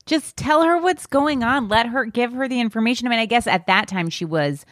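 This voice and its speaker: A woman's voice: fairly high pitch, a little fast, a bit bright, no echo, clean studio sound. A woman hosting a podcast, chatting and reflecting casually with her guest. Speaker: podcast host. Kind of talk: casual chat.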